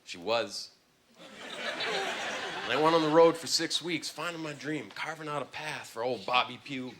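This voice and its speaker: A man doing a stand-up routine on a club stage, telling a story with swings from low mumbles to loud bursts. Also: moderate pace, very noisy. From Canada. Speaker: stand-up comedian. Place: comedy club stage with laughing audience.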